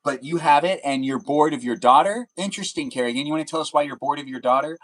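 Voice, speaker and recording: A man's voice: on the high side, fast, few pauses, a bit bright, slight background noise, rough recording. A young man hosting a casual livestream, rambling and joking as he quizzes his guests. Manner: rambling, jokey, asks guests questions. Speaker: livestream host.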